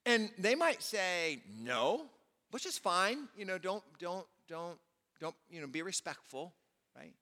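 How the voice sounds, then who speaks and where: A man's voice: sits high, sing-song, slow pace, pushed and bright. A male pastor preaching a sermon in a conversational way, often saying "you know", in a large church auditorium. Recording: long reverb of a large hall.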